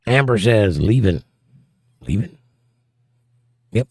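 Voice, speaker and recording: A man with a mid-range, darkish voice reads his viewers' comments aloud on a casual livestream, tossing back wry quips. He talks at a moderate speed, and the recording is dry and studio-clean.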